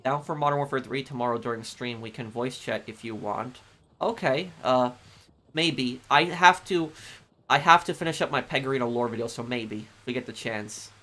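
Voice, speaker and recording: A man's voice: medium pitch, moderate pace, pushed and bright, slight background noise. A man streaming a game, casually reading out viewer messages and thanking them one after another. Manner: easygoing, thanks viewers repeatedly. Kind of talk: casual live-stream chat while gaming.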